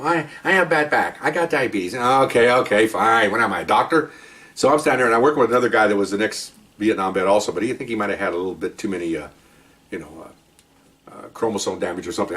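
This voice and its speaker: Older man telling cop stories fast. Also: low voice, far from the mic. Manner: animated, chuckling, talks in fits and starts. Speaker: retired police officer storyteller. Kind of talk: casual anecdote telling.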